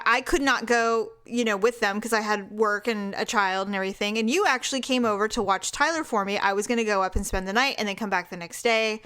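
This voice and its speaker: A woman with a fairly high voice tells a bad-date story on a podcast, frank and animated. She acts out each person's lines as she goes and laughs often. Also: clear, resonant tone. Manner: animated storyteller acting out quoted dialogue. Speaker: podcast co-host. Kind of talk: casual storytelling chat.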